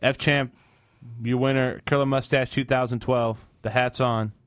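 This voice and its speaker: A man hosting a casual gaming podcast, talking in animated, excitable banter. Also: medium pitch, normal speed, no room sound, clean studio sound. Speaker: podcast host.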